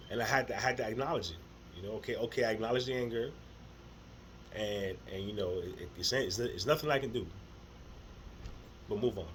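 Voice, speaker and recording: A middle-aged man in a casual spiritual monologue to camera, rambling and repeating words, with heavy slang and swearing, earnest, with soft laughs between thoughts. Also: on the low side, fairly quick, long pauses, slight background noise, poor audio. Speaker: spiritual vlogger.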